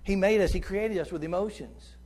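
As a visiting preacher, a middle-aged man with a squeaky tenor delivers his sermon briskly. He swings passionately from loud appeals to soft, hushed speech.

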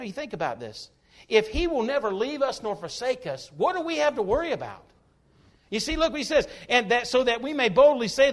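High-voiced man preaching a folksy sermon. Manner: folksy, emphatic preaching with joking asides. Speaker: pastor.

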